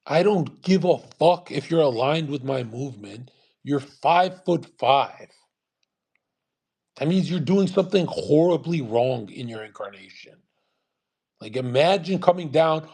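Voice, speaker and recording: A man's voice: fairly high pitch, normal speed, darkish tone. A man ranting in a live audio chat, profane and aggressive, scornful, hammering the same point again and again. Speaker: online streamer.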